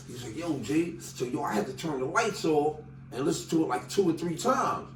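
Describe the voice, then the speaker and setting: A man's voice: a little high, expressive, fairly quick, reverberant, distant mic, slight background noise, low-quality recording. A man from Staten Island with a New York accent, telling loose, slangy stories as a rapper guest in an interview and acting out the dialogue. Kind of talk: casual interview storytelling.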